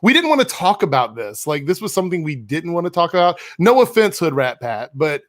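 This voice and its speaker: A man's voice: a little high, very animated, fairly quick, no room sound, studio quality. Chatty man hosting a live stream. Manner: laughs often, reads super chats aloud. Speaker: co-host of a fan show. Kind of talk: casual live-stream chat.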